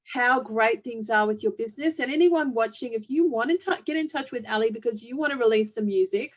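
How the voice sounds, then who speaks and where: A woman's voice: on the high side, fairly quick. A woman hosting a music podcast, wrapping up an interview in an upbeat, appreciative way. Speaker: podcast host. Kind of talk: interview wrap-up. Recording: dull lo-fi audio.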